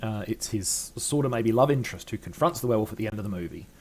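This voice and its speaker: A man's voice: on the low side, lively intonation, fast. An older man giving a chatty, wry film review, full of ums and uhs. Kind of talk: casual film review monologue.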